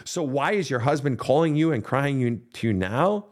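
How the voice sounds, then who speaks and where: A man's voice: medium pitch, animated, normal speed, a little mellow. Blunt, profane male counselor. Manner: blunt and profane, talking straight to the listener. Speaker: counselor and show host. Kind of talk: answering listener questions on a podcast.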